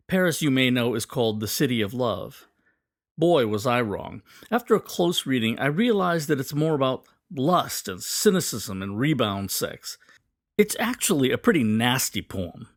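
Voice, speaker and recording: A man teaching a poetry lesson, explaining clearly and reading quoted lines slowly and dramatically. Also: medium pitch, dry recording, clean studio sound.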